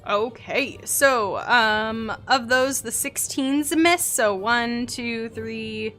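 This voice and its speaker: A woman running a tabletop game as game master, describing the action vividly between quick rules checks. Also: fairly high pitch, fairly bright tone, soft background music.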